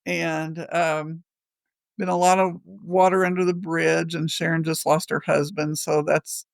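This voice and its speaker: Chatty, gravelly woman. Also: low-pitched, flat delivery, a little slow, no echo. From Missouri. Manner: chatty, rambling, laughs often. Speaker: podcast co-host. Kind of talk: casual storytelling chat.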